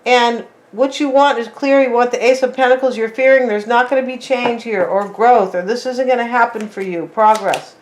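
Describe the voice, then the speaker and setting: A woman's voice: fairly high pitch, fairly even intonation, moderate pace, hardly any pauses. A woman giving a casual tarot reading, chatting straight to her viewers and tagging her lines with "right?" and "like". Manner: talks straight to viewers as "you guys". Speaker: tarot reader.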